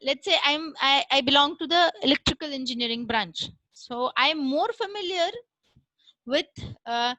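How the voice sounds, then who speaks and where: A woman giving a recorded classroom lecture, explaining step by step with frequent "uh" pauses and "right?" checks. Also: sits high, sharp tone, no echo, poor audio.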